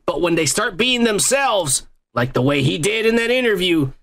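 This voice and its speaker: A man's voice: sits high, lively intonation, normal speed, a bit bright. A man co-hosting a casual podcast, talking in a profane, laughing, rambling way. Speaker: podcast co-host. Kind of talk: casual drinking chat.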